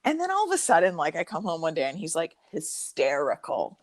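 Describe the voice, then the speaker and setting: A woman's voice: deep voice, fairly quick, no room sound. A young adult woman, a podcast guest, telling a personal story in casual chat, full of fillers and swearing. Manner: profane, filler-heavy, animated retelling.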